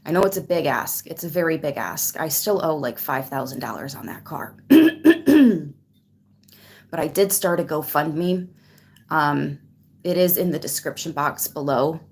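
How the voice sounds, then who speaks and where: A woman's voice: sits low, animated, measured pace, darkish tone. A woman hosting a tarot channel, chatting casually on a livestream while near tears, emotional and grateful as she greets viewers by name. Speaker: tarot reader and channel host.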